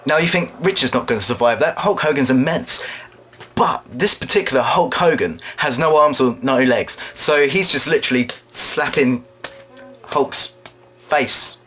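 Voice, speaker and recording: A man performing an absurd comic monologue, rambling along in a deadpan way and now and then putting on quick voices. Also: medium pitch. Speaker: drama student performer.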